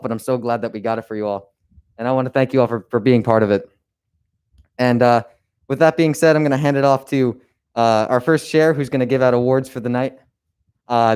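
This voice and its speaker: A young man as conference organizer, giving a closing ceremony speech in an earnest, halting way with many restarts. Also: medium pitch, darkish tone, smooth. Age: young adult.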